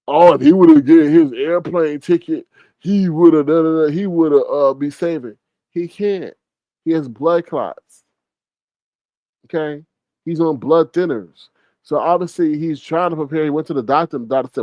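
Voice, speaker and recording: A man hosting casual gossip commentary, animated and mocking, often mimicking others with big jumps in his voice. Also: fairly high pitch, moderate pace, no room sound, muffled recording. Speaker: commentary channel host.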